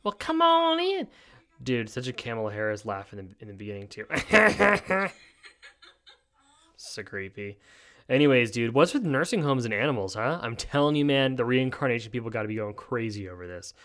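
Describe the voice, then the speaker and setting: A man hosts a solo podcast, casually chatting through odd news stories in a medium-pitched voice. He's a fast talker, laid-back and wisecracking, dropping "dude" into nearly every thought.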